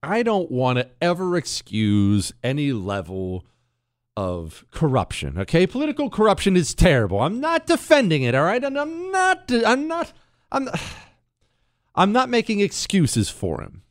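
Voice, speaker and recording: A middle-aged American talk radio host, combative and sarcastic, rambles unhurriedly through an opinionated monologue with restarts and asides. His high voice swoops wildly in pitch, recorded dry and clean in a studio.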